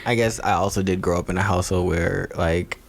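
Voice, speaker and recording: A man's voice: low voice, steady tone, brisk, creaky. A man co-hosting a podcast in casual chat, emphatic and profane, often breaking into laughter. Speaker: podcast co-host.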